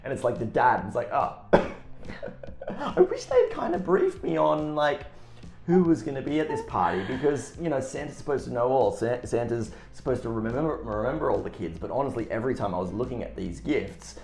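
A man's voice: medium pitch, big pitch swings, moderate pace, a little mellow. A man telling a rambling, self-deprecating story in casual chat, with many restarts. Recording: echoey room with faint music.

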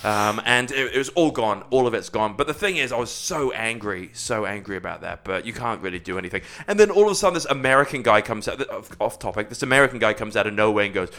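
A young man in casual podcast chat, telling an animated story and jumping into high voices for quotes. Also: quick pace, few pauses.

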